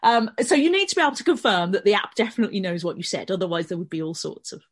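A middle-aged woman with a Birmingham accent, a guest columnist on a podcast panel, talks through ideas at length in a casual, conversational discussion. Her mid-range voice is very animated, very fast and slightly rough.

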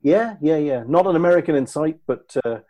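Mellow-voiced Irish man, dry humor. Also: on the high side, expressive, fairly quick. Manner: dry, sardonic. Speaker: podcast guest. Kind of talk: casual chat over a video call.

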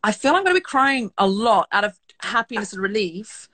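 A woman's voice: mid-range voice, big pitch swings, a little fast, pushed and bright. A middle-aged woman from Australia hosting a podcast interview, chatty and earnest, repeating herself when she reassures. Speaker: podcast host. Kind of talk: casual conversational interview.

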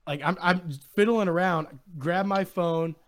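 A young man hosting a podcast, excitedly retelling a story in casual chat. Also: high voice, a little slow. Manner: excited, animated retelling with quoted voices. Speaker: podcast host.

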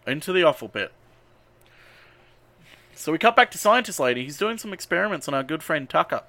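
A man's voice: a little high, expressive, fast talker, bright, forceful tone, dry recording. A man on a podcast casually recapping a movie, swearing and rambling with lots of ums and uhs. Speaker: podcast host.

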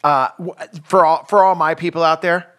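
A man's voice: fairly high pitch, normal speed, fairly bright tone, smooth. A man hosting a parenting podcast, talking casually with lots of restarts and fillers. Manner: laid-back, rambling with restarts and fillers. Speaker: podcast host. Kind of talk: casual chat.

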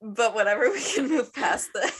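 A woman's voice: a little high, sing-song, slightly rough. A woman co-hosting a book podcast, chatting casually with lots of "like" and easy laughter. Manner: chatty, peppered with "like", quick to laugh. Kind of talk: casual chat.

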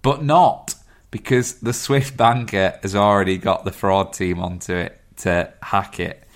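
A man's voice: deep voice, steady tone, unhurried. A man in a casual film chat, recapping the plot thoughtfully with many fillers.

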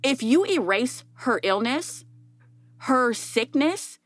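A woman hosting a podcast, telling stories in animated casual chat, acting out voices and laughing often. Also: sits high, slow pace, dry recording. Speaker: podcast host.

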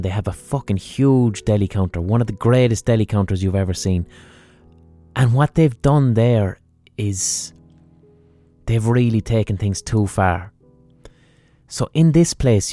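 An Irish podcast host with a lowish, warm voice launches into a mock-serious comic rant packed with swearing.

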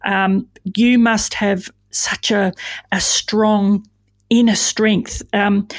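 A woman hosting an interview, asking questions in a measured way with hesitant fillers. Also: mid-range voice. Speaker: host.

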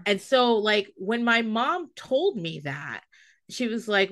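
A woman's voice: mid-range voice, sing-song, takes it slowly, a bit bright. A woman co-hosting a casual chat, telling candid stories with swearing and frequent laughter. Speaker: podcast co-host. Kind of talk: casual chat recapping a TV show.

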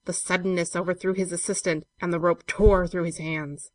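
A woman reading a classic story aloud in a measured, steady way. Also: lowish voice, no room sound. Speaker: narrator.

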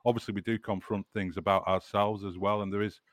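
A man's voice: lowish voice, flat delivery, fast, no room sound, clean studio sound. A man from the Burnley area with a northern English accent, hosting a casual football podcast and chatting with frequent restarts. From Burnley area, northern England. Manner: chatty, restarts words often. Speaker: podcast host.

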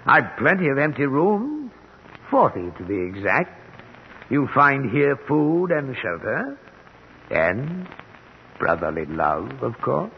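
A man playing a bitter, reclusive rich man in a 1940s radio drama, his voice hoarse, mocking, then defensive. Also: mid-range voice, huge pitch swings, slow, long pauses, heavily acted. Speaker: actor in an old radio drama. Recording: dull old radio broadcast recording with faint hiss.

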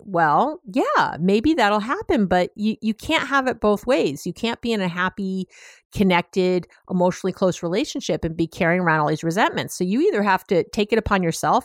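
A woman's voice: mid-range voice, animated, a little fast, dry recording, clean studio sound. A woman therapist giving advice on a podcast, talking directly and casually with lots of fillers and acting out what clients and partners say. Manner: chatty and direct, many "you know" fillers; acts out clients' and partners' voices.

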